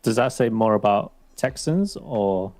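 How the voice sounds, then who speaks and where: Low-voiced teasing male co-host. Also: animated, measured pace, a little mellow. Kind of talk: casual livestream chat.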